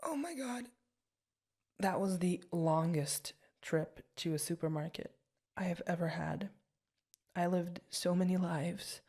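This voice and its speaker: Voice actress as young girlfriend in ASMR role-play, low husky tone, giggly, rambly, self-mocking. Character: apologetic, chatty young girlfriend.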